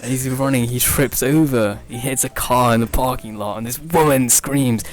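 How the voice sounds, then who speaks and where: A young podcast host rambles through an improvised, absurd comedy story at normal speed in a steady tone. He often laughs at his own jokes and leaps up in pitch when quoting people.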